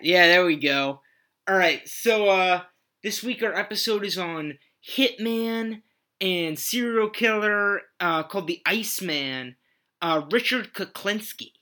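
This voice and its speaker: Bright-toned, rambling comedy podcast host. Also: male voice, high voice, unhurried. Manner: loose, rambling, many "uh" and "um". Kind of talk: casual comedy podcast hosting.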